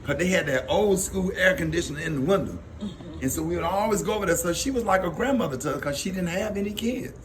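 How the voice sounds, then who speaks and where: A man's voice: high-pitched, expressive, fast talker, background noise. A man hosting a radio show, telling personal stories in a casual way and laughing often. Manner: laughs often, tells stories with quoted voices. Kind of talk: casual storytelling on air.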